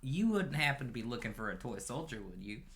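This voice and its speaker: A man's voice: mid-range voice, very animated, fairly quick, gravelly, a bit bright. A player voicing his adventurer with polite, folksy courtesy in a tabletop game. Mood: friendly. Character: affable adventurer Zakkas, folksy.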